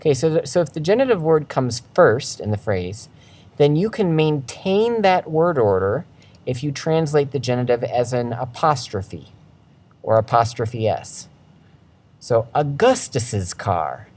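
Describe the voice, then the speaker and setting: A man teaching Latin in a recorded lecture over slides, walking through each step methodically and reading out word forms slowly and carefully. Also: mid-range voice, sing-song, a little mellow. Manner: methodical, walks through steps one by one.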